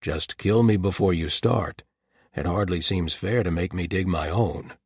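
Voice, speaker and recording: A broad paladin captain speaks in a low, husky voice, as a male narrator plays him. His humor is deadpan and dry, delivered evenly in a close, dry sound. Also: measured pace, no echo, full character voice.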